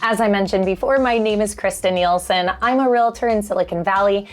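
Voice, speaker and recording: A woman from California, a realtor and channel host, giving a clear and upbeat scripted talk to camera. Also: medium pitch, a little fast.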